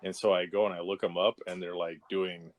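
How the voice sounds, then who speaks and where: A man co-hosting a casual podcast, relaxed and rambling, laughing often. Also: sits low, a little fast, a crowd in the background. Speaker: podcast co-host. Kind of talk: casual chat.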